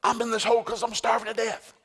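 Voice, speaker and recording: A man voicing a timid, starving young man who whines that he is nobody, in a higher pitched voice than his own. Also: little pitch movement, fast, a bit bright, slightly rough, exaggerated voice. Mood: whiny. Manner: whiny, self-pitying. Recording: echoey hall with long reverb.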